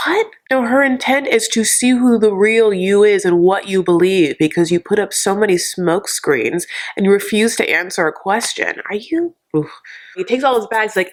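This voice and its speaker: A woman hosting a reality TV recap, talking straight to viewers in an animated, sarcastic, opinionated way. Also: mid-range voice, normal speed. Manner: animated and sarcastic, acts out quotes in exaggerated voices. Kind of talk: opinionated casual recap commentary.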